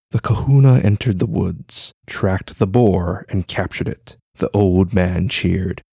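A man narrating a legend in a measured, solemn storytelling voice. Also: deep voice, fairly even intonation, vocal fry, mellow, husky, dry recording, studio quality. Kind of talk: scripted narration.

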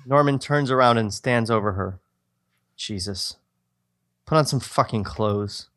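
A man's voice: medium pitch, unhurried, fairly bright tone, no room sound, clean studio sound. A man co-hosting a podcast, reading his own old screenplay aloud with self-mocking asides. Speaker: podcast co-host.

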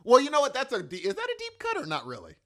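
Racing along in a very high voice, a man in his forties tells emotional stories in casual conversation. He's animated and acts out the quotes of the people involved.

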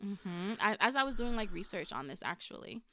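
A woman's voice: mid-range voice, animated, brisk, sharp tone, dry recording. A woman, a podcast guest chatting casually, frank and profane, telling stories with animation. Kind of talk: casual chat.

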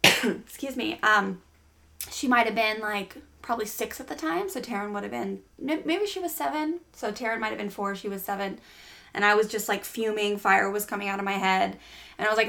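A woman's voice: medium pitch, fairly quick, creaky. Chatty middle-aged woman telling stories. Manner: warm, storytelling, lots of fillers and restarts. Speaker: parenting podcast host. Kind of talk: casual podcast chat.

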